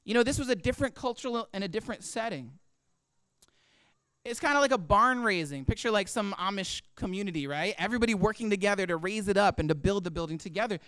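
A man's voice: high voice, expressive, fast, fairly bright tone, smooth, no echo. A man preaching a conversational sermon, full of rhetorical questions and acted-out quotes. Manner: acts out quoted inner voices. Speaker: pastor.

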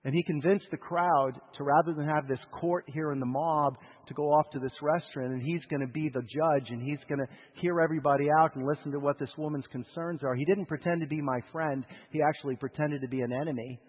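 A husky man preaches, his slightly high voice shifting from loud urgency to hushed lows. The sound is thin and tinny like a radio broadcast, with a long hall echo trailing his words. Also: steady tone, brisk, few pauses. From United States. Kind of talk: sermon storytelling.

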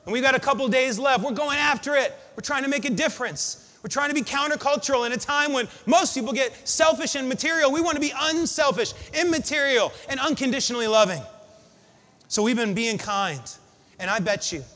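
A man preaching a sermon to his congregation, building up to shouted refrains. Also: very high-pitched, brisk. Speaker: pastor. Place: church sanctuary. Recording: long hall reverb.

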